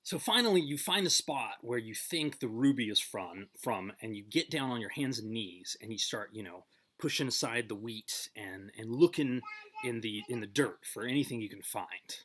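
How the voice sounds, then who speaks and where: A man's voice: medium pitch, expressive, moderate pace, a bit bright. A man telling a story in a casual, conversational way, with many fillers and restarts.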